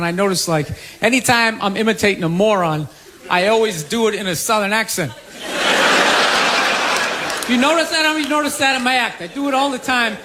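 A man's voice: extremely high pitch, sharp tone. A man doing stand-up comedy, riffing loosely and profanely. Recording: live club clip with crowd laughter and noise. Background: audience laughter.

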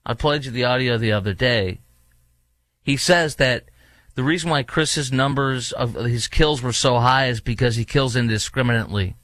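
A man's voice: mid-range voice, normal speed, a bit bright, no echo. A man hosting his own talk show, delivering a heated, emphatic opinion monologue with many fillers. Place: studio in a large US city.

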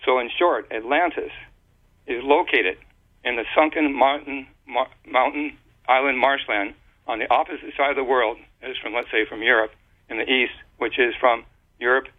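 A man's voice: mid-range voice, fairly even intonation. A man explaining at length in a casual, rambling way, stopping and restarting words often, heard over a phone line. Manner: rambling, halting with many restarts and fillers.

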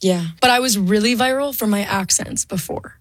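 A woman's voice: medium pitch, moderate pace, dry recording. A young woman, a singer-songwriter guest, talking chattily with lots of "like" fillers. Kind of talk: casual interview chat.

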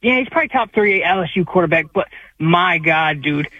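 Guy calling in, highish voice, all worked up, says dude and man a lot, phone line sound. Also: animated, fairly quick, sharp tone, slightly rough, dry recording. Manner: emphatic, repeats words, casual slang. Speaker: caller. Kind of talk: phone-in opinion. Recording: tinny dry phone line.

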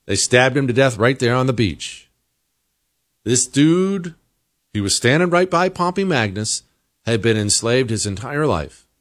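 An American man hosting a talk show, delivering an emphatic opinion monologue that climbs into high-pitched exasperation. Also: very animated, a little slow. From United States. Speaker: political talk show host.

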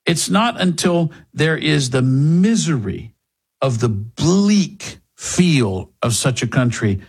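A man's voice: medium pitch, vocal fry, a little mellow, breathy edge. A man hosting a political commentary show, delivering a sarcastic, mocking opinion monologue.

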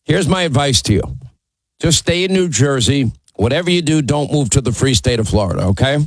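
A man's voice: mid-range voice, animated, a little fast, dry recording, poor audio. A middle-aged man hosting a call-in radio show, blunt and mocking as he argues with callers. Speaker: radio talk show host. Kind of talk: combative call-in radio talk.

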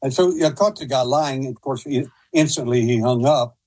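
A man talking as a guest on a talk show, his voice husky and a little breathy. He tells long stories in a rambling way, stopping and starting often. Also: mid-range voice, moderate pace, a little mellow, poor audio. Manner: rambling, hesitant, with many restarts. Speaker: guest investigator. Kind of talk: casual storytelling.

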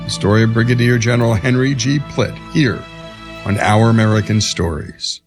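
A man's voice: mid-range voice, normal speed, soft background music. A man hosting a radio story show, closing a segment in an announcing manner. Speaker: show host.

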